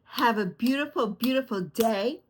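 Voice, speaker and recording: A woman's voice: on the high side, normal speed, a little hiss or hum. A middle-aged woman from the Bronx with a New York accent, rambling affectionately to her viewers from her bed in a casual vlog. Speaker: vlog host. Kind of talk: casual chat. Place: lying back on her bed at home.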